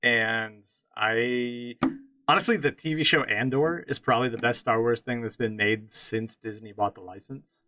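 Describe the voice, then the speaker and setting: Here a man co-hosts a laid-back gaming podcast, full of firm opinions and frequent restarts; he's from central Pennsylvania. He speaks at a normal speed in a mid-range voice that sounds bright and pushed, and the low-quality audio has no room sound.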